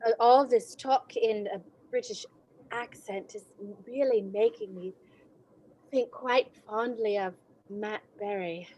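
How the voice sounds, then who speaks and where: A woman speaks on a casual video call in halting, hesitant bursts. Her voice sits a little high. She talks slowly. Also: a little mellow, slight background noise. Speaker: improv performer. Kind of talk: casual group video chat.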